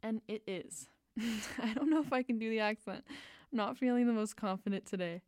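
A giggly, rambling woman hosting a radio show, talking loosely and a bit self-consciously. Her voice is fairly high, and the studio sound is close and dry. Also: moderate pace, darkish tone, no room sound. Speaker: radio host. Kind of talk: casual radio chat. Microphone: fixed studio mic.

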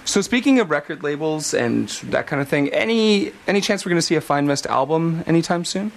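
A man's voice: on the high side, lively intonation, brisk, gravelly, soft background music. A man hosting a radio show, asking the band playful, teasing questions in a casual chat. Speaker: radio host.

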